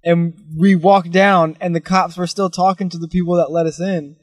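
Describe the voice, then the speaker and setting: A young man hosting a podcast, telling rambling, excited stories about youthful trouble and swearing freely. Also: sits high, moderate pace, dry recording. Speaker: podcast host. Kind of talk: casual storytelling chat.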